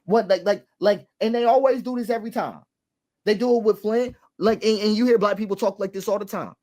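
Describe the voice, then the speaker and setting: A man's voice: sits high, fairly quick, darkish tone. Impassioned man repeating his points. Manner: emphatic, repeats key phrases, rhetorical questions. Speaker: commentator. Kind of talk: impassioned social commentary.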